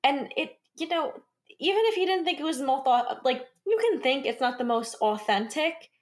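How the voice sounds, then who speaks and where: High-voiced young woman co-host. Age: young adult. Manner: quick to laugh, reactive, casual. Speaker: podcast co-host. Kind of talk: casual chat.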